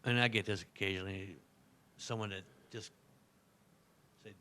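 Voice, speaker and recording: A man in a workshop audience, soft-spoken and hesitant as he raises a point. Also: on the low side, fairly even intonation, normal speed, smooth. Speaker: workshop attendee.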